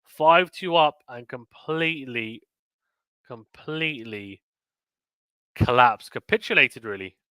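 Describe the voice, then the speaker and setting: A man's voice: medium pitch, expressive, takes it slowly, long pauses, sharp tone, smooth, no room sound. A young man commentating a tennis match on a live stream, reading viewer comments aloud and chatting between points. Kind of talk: casual play-by-play and chat reading.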